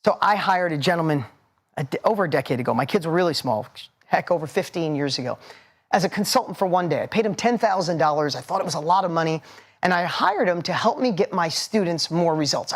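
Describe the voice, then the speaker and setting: Emphatic man giving a motivational talk. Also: high voice. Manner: emphatic, punchy repetition. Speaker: motivational speaker.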